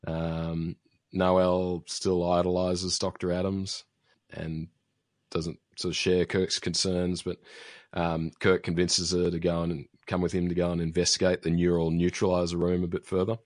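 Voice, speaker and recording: A man's voice: deep voice, completely flat delivery, a little slow, no echo, clean studio sound. A man casually recapping a TV episode as a podcast host, rambling with fillers and restarts. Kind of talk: casual chat.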